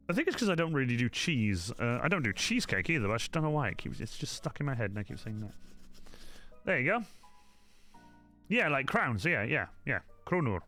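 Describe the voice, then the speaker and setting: Bright chatty streamer man. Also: mid-range voice. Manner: chatty, apologetic, talks straight to chat. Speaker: livestream host. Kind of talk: casual livestream chat while crafting.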